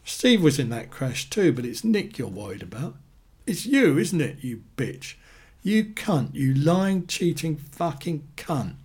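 A man's voice: medium pitch, big pitch swings, normal speed, few pauses, darkish tone, slightly rough. A man reading a story aloud, putting on the voice of a furious, accusing betrayed wife who swears at her rival.

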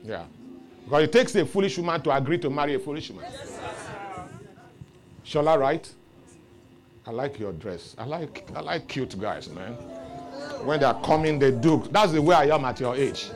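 A man preaching a sermon, telling a story with lively rises into loud exclamations. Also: a little high, normal speed, pauses often, slight background noise. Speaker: pastor.

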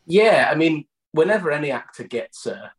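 A British man talks through his acting process in an easy, conversational way. He circles his points with false starts and doubled words as he thinks. The sound is roomy, with a clear echo. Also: a little high, big pitch swings, moderate pace. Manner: thoughtful, stumbling restarts and repeated words. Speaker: actor guest. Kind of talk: conversational interview answers.

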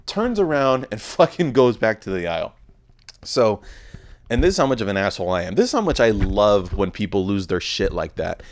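A man's voice: on the low side, sing-song, a little fast. Rambling, swearing young man. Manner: rambling and heavily profane. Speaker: podcast host. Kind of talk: casual solo monologue.

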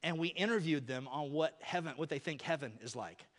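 A man preaches a sermon in a conversational way, talking to his congregation. His voice sits fairly high for a man. The church adds a long reverb tail. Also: brisk. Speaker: pastor. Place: church sanctuary.

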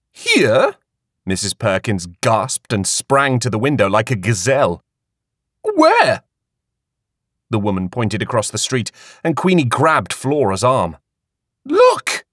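In an expressive, storytelling style, a man reads scripted audiobook narration at a moderate pace. His voice sits fairly low, and the recording is studio-clean with no room sound.

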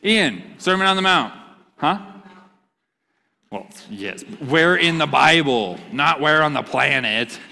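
A man's voice: on the high side, lively intonation, slow pace, vocal fry, sharp tone. Playful man preaching in a hall. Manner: playful, joking, quizzing the audience. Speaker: youth pastor. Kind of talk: interactive sermon with a youth group.

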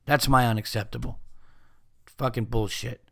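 A man's voice: medium pitch, fairly even intonation, moderate pace, vocal fry, no room sound, studio quality. A man hosting a podcast, ranting in a casual, exasperated and profane way. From United States. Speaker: podcast host.

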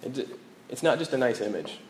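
A man preaching a sermon as pastor, earnest and emphatic, falling to a hushed tone on key lines, with conversational restarts and fillers. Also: medium pitch, sing-song, fairly quick, a little hiss or hum, poor audio.

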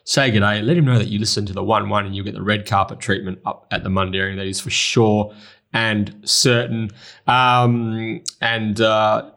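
A man's voice: fairly low pitch, little pitch movement, moderate pace, creaky, a bit bright. An Australian man hosting a racing podcast, chatting casually and introducing segments. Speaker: podcast host.

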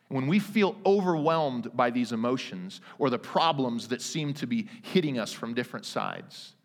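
A man in his thirties preaching a sermon, earnest and emphatic, with dramatic pauses. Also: medium pitch, a bit bright. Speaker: pastor. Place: church sanctuary. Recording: long reverb of a church hall.

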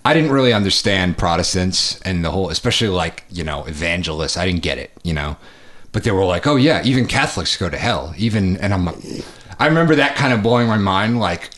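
A man co-hosting a podcast, telling dry deadpan jokes in casual banter. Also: deep voice, brisk. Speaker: podcast co-host.

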